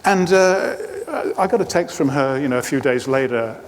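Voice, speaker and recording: Man, middle-aged, mid-pitched coach telling anecdotes to a crowd, voice ringing through a reverberant hall. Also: expressive, normal speed, a little hiss or hum. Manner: anecdotal storytelling with light humor. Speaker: performance coach giving a talk. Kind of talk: presentation to a live audience. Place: lecture hall.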